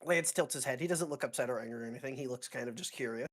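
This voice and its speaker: Hoarse player, tabletop game, casual wry asides, plain mid voice. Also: mid-range voice, racing, a bit bright. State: sore throat. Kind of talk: describing a character's actions in a tabletop game.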